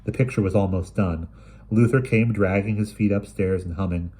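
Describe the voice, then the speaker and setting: A man reading a short story aloud in a measured, expressive way. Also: fairly low pitch, husky. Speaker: reader.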